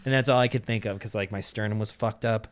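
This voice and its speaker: A man's voice: on the low side, steady tone, fast talker, smooth. A young man in casual podcast chat, telling a long story full of "like", swearing and laughter. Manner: rambling, profane storytelling with frequent "like" and laughter.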